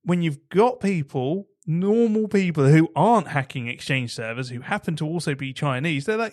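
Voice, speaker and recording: A man in a casual panel discussion, talking in an opinionated, animated and emphatic way. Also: a little high, moderate pace, few pauses, no room sound, clean studio sound.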